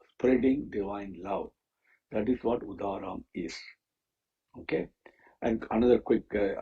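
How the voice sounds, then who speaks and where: A man teaching the meaning of a Sanskrit hymn, pausing often with fillers and restarts. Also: medium pitch, warm tone, husky, poor audio. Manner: halting, with many fillers and restarts. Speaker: scripture teacher. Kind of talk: explaining a Sanskrit hymn with stories.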